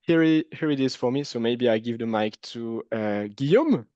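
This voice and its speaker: A man with a French accent speaks on a webinar panel. His voice is smooth, and he talks politely with a few hesitant fillers. The audio is dry and slightly dull over a video call. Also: mid-range voice, moderate pace, darkish tone, no room sound. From France. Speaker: recruitment director panelist. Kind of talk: panel discussion.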